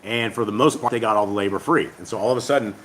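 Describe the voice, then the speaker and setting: A man's voice: fairly low pitch, rapid-fire, fairly bright tone, a little hiss or hum. A man hosting a casual livestreamed Bible study, reading scripture aloud and explaining it in a rambling, conversational way.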